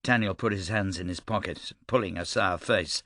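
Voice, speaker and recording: A man narrating an audiobook in a steady, measured way. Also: deep voice, no room sound, studio quality. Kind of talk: scripted narration.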